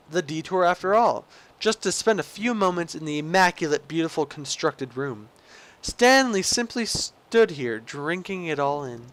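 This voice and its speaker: A man's voice: high-pitched, a bit bright. A young man playing a game and reading its narration aloud himself, goofy and rambling, with slips and restarts. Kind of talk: let's play commentary, reading the game's narration aloud.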